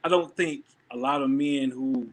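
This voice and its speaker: A man, a church member and father, sharing an earnest faith testimony in a conversation, often pausing and restarting. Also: medium pitch.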